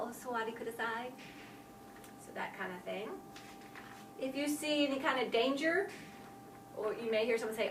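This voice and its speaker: A woman leading a casual phrase lesson for a travel group, repeating each phrase slowly in a chatty way with fillers. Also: fairly bright tone. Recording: roomy sound from a distant mic, faint rumble.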